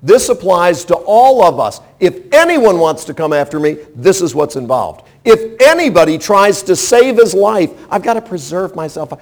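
A man's voice: high-pitched, big pitch swings, moderate pace, few pauses. A man preaching a sermon, emphatic and direct, asking the listeners rhetorical questions. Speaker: pastor.

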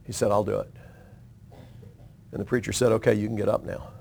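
A man preaching on a radio program, telling a story with dramatic pauses and slowing down for emphasis. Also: lowish voice, level tone, gravelly, noisy background. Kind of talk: sermon storytelling.

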